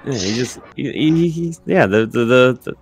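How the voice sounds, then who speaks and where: A man running a tabletop game as dungeon master, at a mid pitch for a man. He narrates in a relaxed, easygoing way, laughing often. Faint music sits behind him. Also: normal speed.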